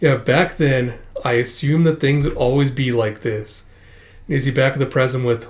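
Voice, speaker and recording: A man's voice: medium pitch, steady tone, normal speed. A young man hosting a casual manga read-through, chatty and full of fillers, raising his voice when he reads the characters' lines. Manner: chatty, many fillers, laughs while reading, raises voice for quoted lines. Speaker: manga reaction host.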